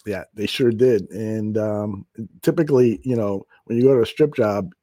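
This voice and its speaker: A man's voice: fairly low pitch, normal speed, warm tone, no room sound, studio quality. A man co-hosting a casual sports podcast, swearing freely, exasperated and often laughing. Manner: profane, exasperated, laughs a lot. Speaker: podcast co-host.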